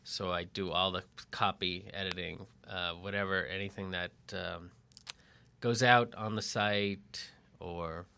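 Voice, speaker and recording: Man, middle-aged, lowish pitch, bright tense tone, casual podcast chat, rambling, joking. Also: steady tone, a little slow, vocal fry, slight background noise. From Lexington, Massachusetts. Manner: rambling, self-interrupting, joking. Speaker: mobile strategist and copy editor. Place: separate barn at home.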